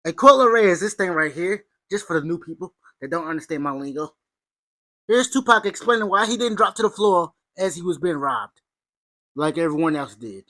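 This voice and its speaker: A woman's voice: on the low side, lively intonation, normal speed, fairly bright tone, no room sound. A woman hosting an opinionated commentary video, talking with sarcasm and sudden emphatic outbursts. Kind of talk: opinionated commentary over clips.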